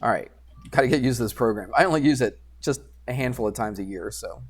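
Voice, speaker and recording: Male math teacher, easygoing classroom delivery, quizzes the class, mutters while clicking through software. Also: mid-range voice, quick pace, slightly rough. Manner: conversational, asks students questions and answers himself; talks while working drawing software, mutters asides. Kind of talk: classroom geometry lesson.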